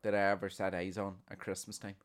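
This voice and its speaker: A man's voice: deep voice, little pitch movement, quick pace. A young man co-hosting a casual podcast, blunt and swearing heavily. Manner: blunt, heavy swearing, storytelling. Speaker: podcast co-host. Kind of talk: casual chat.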